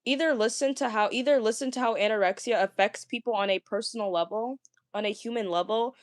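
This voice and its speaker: A woman's voice: fairly quick, dry recording, clean studio sound. Stammering young woman ranting. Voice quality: fairly deep voice for a woman. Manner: stammers and repeats words, excitable. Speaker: streamer ranting to viewers. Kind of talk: casual rant.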